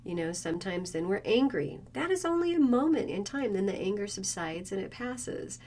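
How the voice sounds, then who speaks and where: A woman's voice: mid-range voice, expressive, normal speed, a little mellow. A woman interview guest who runs a wellness business, speaking in a reflective and reassuring way. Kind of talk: conversational interview. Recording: faint background noise.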